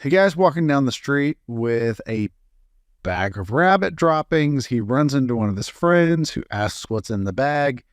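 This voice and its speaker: Guy reading jokes out loud, mid pitch, kinda loose with little slips, dry close sound. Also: animated, measured pace, no room sound. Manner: casual storytelling with small slips and fillers. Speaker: joke reader.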